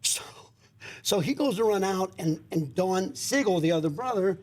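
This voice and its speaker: A man, a guest comedian, telling an animated story in a studio chat, repeating himself and restarting as he goes. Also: high voice, moderate pace.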